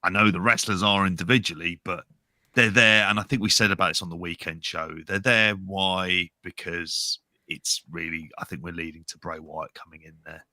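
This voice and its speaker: A man's voice: low-pitched, fairly even intonation, moderate pace, bright, forceful tone, no room sound, clean studio sound. A man co-hosting a podcast, giving blunt, wry opinions and swearing freely. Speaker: podcast co-host. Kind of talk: casual podcast chat.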